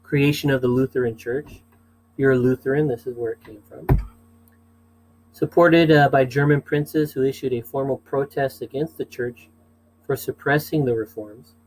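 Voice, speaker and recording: A man's voice: mid-range voice, fairly even intonation, normal speed, a little mellow, low-quality recording. Male teacher, casual lecture delivery, chatty with asides, mid-range voice. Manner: chatty, asides and fillers, checks in with "okay?".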